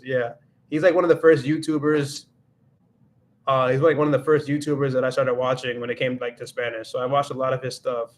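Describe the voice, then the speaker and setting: A man hosting a livestream, chatting casually as he reads viewer comments aloud. His voice sits at an ordinary middle pitch and stays fairly flat in its rise and fall. He laughs now and then and restarts his sentences. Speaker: livestream host. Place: home livestream setup.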